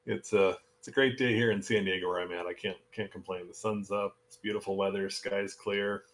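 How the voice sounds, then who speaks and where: A man hosting a casual community call over a remote link, speaking in a relaxed, halting way with frequent fillers. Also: fairly low pitch. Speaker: host.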